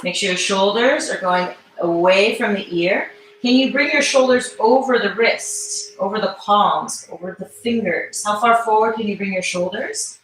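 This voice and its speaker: Woman instructor calling out breath cues slow and calm, sounds far from the mic, lots of room echo. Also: medium pitch, a little hiss or hum. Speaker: mobility instructor. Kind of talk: live online movement class.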